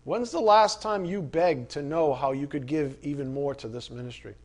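A man preaching a sermon, conversational and animated, asking the listeners rhetorical questions. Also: fairly high pitch, normal speed. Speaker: pastor.

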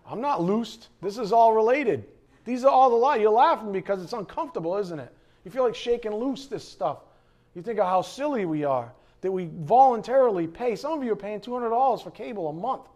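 A middle-aged man preaching a sermon in an animated, conversational way, with frequent asides to the congregation. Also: high-pitched, brisk. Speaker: pastor.

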